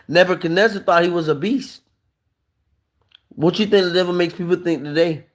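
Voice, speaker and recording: A man with a notably high voice delivers an impassioned sermon-style monologue. He is emphatic and keeps throwing rhetorical questions at his listeners. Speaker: live streamer preaching.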